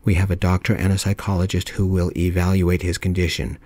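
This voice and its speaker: A soft-spoken man in ASMR storytelling, voicing a stern, procedural male police officer. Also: low voice, a little fast, no echo. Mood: firm. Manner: formal, steady, reads out rules.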